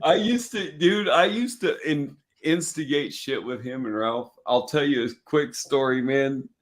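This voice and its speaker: A Texan podcast host runs a casual live-stream chat over a video call, telling stories full of swearing and laughter. His mid-range voice moves at a measured pace.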